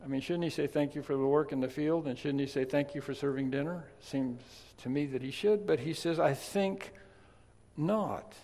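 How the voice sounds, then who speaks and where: A man preaching a sermon, chatty in his asides and then emphatic and loud on key points. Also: a little high, normal speed. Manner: conversational, swings from quiet asides to emphatic loud stresses. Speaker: pastor. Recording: long reverb of a large hall.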